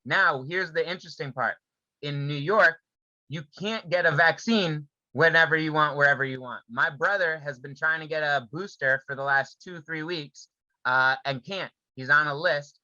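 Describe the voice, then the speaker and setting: A man co-hosts a casual podcast, talking in a loose, conversational way full of fillers and questions. His voice is sharp and bright, a little higher than most men's. The sound is dull and lo-fi, with a dry, close feel. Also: normal speed, no room sound. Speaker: podcast co-host. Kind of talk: casual chat.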